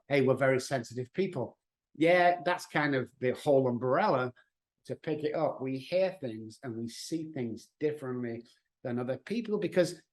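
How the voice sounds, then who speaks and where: A middle-aged man, an addiction expert, speaking as a podcast guest in an emphatic, animated way, acting out quotes as he explains. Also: a little high. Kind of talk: conversational podcast interview.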